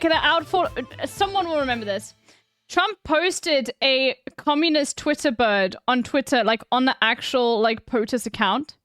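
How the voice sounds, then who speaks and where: A woman's voice: high voice, fairly bright tone. A woman streamer chatting casually while reacting to news, giggling often and trailing off mid-sentence. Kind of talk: casual chat.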